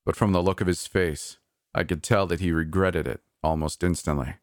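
Deep-voiced male narrator, earnest first-person storytelling, dry close sound. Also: steady tone, normal speed, no room sound.

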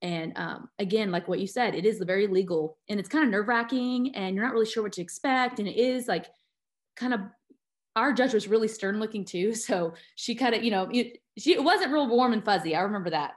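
A woman's voice: mid-range voice, brisk. Tearful woman telling her adoption story. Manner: tearful, many fillers and restarts. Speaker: adoptive mother guest. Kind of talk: emotional personal storytelling.

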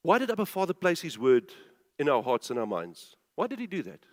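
Here a preacher's slightly high voice swoops wildly in pitch at a fairly quick pace. His sermon is emphatic, full of rhetorical questions and repetition, pressing listeners to pay attention, with the long reverb of a large hall.

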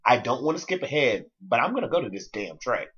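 A bright, animated man riffing casually about an album, his voice jumping up and down as he gets excited. He speaks in loose slang and keeps cutting in on his co-host. The recording sounds a little dull and lo-fi. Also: mid-range voice, fast talker. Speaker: music podcast co-host. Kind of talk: casual music review chat.

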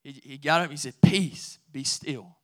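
A man preaching to his congregation in a high, bright voice. He talks in a loose, conversational way, then builds to firm, emphatic declarations. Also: measured pace. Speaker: pastor. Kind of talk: sermon.

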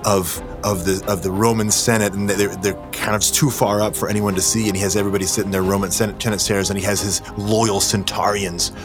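Comic co-host, very low voice, rambling improv storyteller, music underneath. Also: male voice, fairly quick, hardly any pauses. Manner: rambling, animated storytelling with mock outrage. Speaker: comedy podcast co-host. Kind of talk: improvised comedic pitch.

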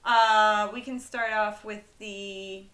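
A woman's voice: mid-range voice, fairly even intonation, takes it slowly, fairly bright tone. A young adult woman co-hosting a podcast, chatting casually and giggling through her jokes. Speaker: podcast co-host. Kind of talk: casual chat.

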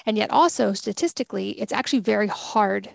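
A woman's voice: mid-range voice, expressive, a little fast, creaky, no echo. A woman hosting a podcast, asking long, thoughtful questions and sharing personal reflections. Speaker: podcast host. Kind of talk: podcast interview.

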